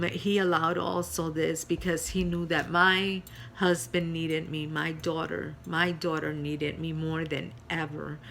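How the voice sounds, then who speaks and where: A middle-aged woman pastor telling her personal testimony in an earnest way, with many pauses and fillers. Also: low voice, creaky, a bit bright, slight background noise.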